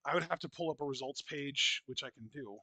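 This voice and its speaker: Co-hosting a relaxed wrestling podcast, a man speaks briskly in a medium-pitched, bright voice with a forceful edge. He comes across blunt, opinionated and profane, rambling and restarting his sentences, and there's no room sound in the recording.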